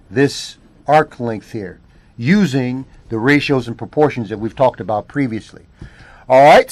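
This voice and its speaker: A man's voice: mid-range voice, darkish tone, dry recording. A male math teacher working through a word problem step by step, often repeating phrases and checking in with "all right?". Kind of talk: classroom lesson walking through a problem.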